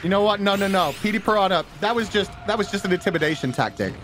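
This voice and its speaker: A man's voice: high voice, expressive, fast, a bit bright, a little hiss or hum. A man giving casual, jokey color commentary and analysis on a video game match.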